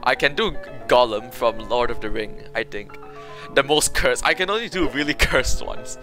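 A man's voice: medium pitch, moderate pace, pushed and bright. A young man streaming a frustrating game, chatting casually to viewers, rambling and groaning, with game music behind him. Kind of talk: casual gaming livestream chat.

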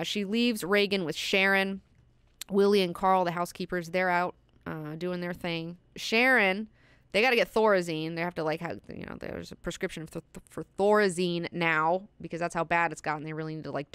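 A woman's voice: on the low side, clear, resonant tone, no echo. A young adult woman hosting a book class, casually retelling a horror novel with lots of swearing and fillers. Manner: profane, animated retelling with fillers. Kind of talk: casual book discussion lesson.

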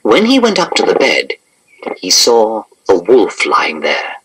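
A man reading a children's storybook aloud in an expressive, animated narration. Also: on the low side, measured pace, slight background noise, low-quality recording.

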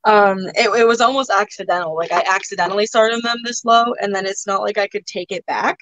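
A woman's voice: mid-range voice, brisk, fairly bright tone, no room sound, lo-fi sound. A woman hosting a casual live-stream auction, chatting loosely with lots of filler words as she shows items.

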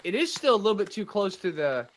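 Excitable high-voiced guy gaming. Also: fast, slight background noise. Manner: excitable, says "dude" and "man" a lot. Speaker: gaming channel host. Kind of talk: casual co-op gameplay chat.

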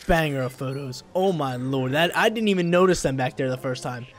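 A young man casually commenting while he plays a video game, laid-back and slangy, with sudden loud bursts of excitement. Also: medium pitch, brisk, hardly any pauses, soft background music. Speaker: gameplay streamer.

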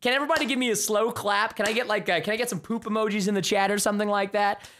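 A young man giving live gameplay commentary as a streamer, excitable and chatty, with bursts of yelling at the game. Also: sits high, very fast, slight background noise. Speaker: gaming livestreamer.

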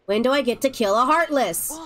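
A woman's voice: high-pitched, expressive, brisk, a bit bright. Playful woman streaming a game. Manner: playful, teasing and sarcastic. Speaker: livestreamer. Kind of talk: casual game-stream chat.

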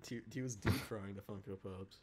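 A man's voice: fairly low pitch, steady tone, brisk. A young man co-hosting a casual late-night podcast, giggling often and trailing off with ums and restarts. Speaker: podcast co-host. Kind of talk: casual late-night chat over voice call.

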